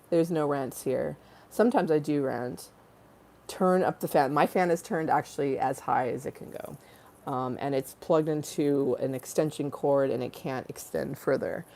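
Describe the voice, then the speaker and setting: Giggly, rambling low-voiced woman livestreaming. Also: expressive, a little slow, creaky, a little mellow. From Los Angeles-based. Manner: rambling, giggly, profane, breaks into sung bits. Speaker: livestream host. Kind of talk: casual livestream chat. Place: home in a hot room with a fan.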